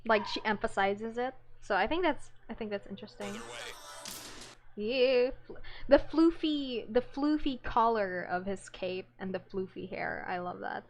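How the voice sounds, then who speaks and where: A woman giving casual reaction commentary as a fan, excitable and rambling, often restarting her words. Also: mid-range voice, a little slow.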